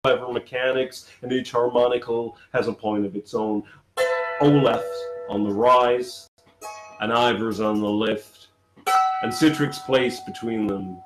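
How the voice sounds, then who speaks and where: A man's voice: medium pitch, steady tone. A man giving a theatrical, sing-song reading of a literary text in a live performance. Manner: slow, incantatory, sing-song delivery. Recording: echoey room with music behind, live stream.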